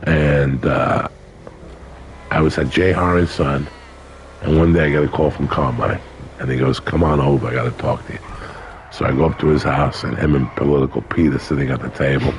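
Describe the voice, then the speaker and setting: Speaking at a moderate pace with a very deep, steady voice, an older male guest swaps colorful, profane stories in a casual interview and performs other people's lines himself. There's a little hiss or hum on this low-quality recording.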